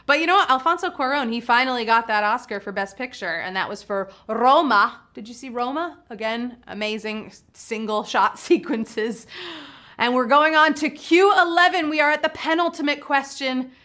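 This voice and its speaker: A woman's voice: high-pitched, moderate pace, bright, forceful tone. A woman hosting a live trivia game show, bubbly and playful, reading questions and hyping up the players.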